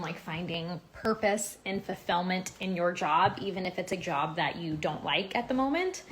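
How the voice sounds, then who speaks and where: A woman's voice: fairly low pitch, normal speed, few pauses, slight background noise. A woman, rambling through stories and product picks in a casual phone vlog, full of "like" and "um". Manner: chatty, rambling storytelling with lots of "like" and "um". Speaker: lifestyle blogger and home renovation host.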